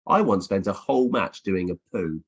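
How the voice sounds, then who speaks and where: The recording is muffled, carrying a middle-aged man's low, husky voice with lively intonation at a normal pace. A children's author, he chats playfully with schools over video from his home office, reading aloud during a casual Q&A, with plenty of ums and restarts.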